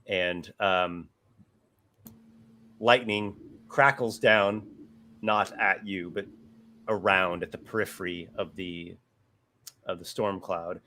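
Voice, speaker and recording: A man narrating as a tabletop game master, unhurried and searching for words. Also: low-pitched, steady tone, pushed and bright, a little hiss or hum.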